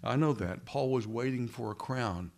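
A man's voice: mid-range voice, moderate pace, vocal fry, a little mellow. A man preaching a sermon in an earnest way, asking rhetorical questions and repeating phrases for emphasis.

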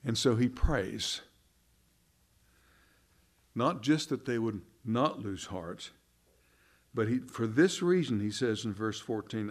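A man preaching a sermon, earnest, firing rhetorical questions and often repeating words, rising in pitch and volume for emphasis. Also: animated, slow, pauses often.

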